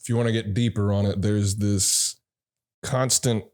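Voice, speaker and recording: A man's voice: on the low side, steady tone, moderate pace, darkish tone. A man who is a podcast guest, an actor and director, rambling through personal stories in a laid-back, profane way. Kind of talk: casual storytelling chat.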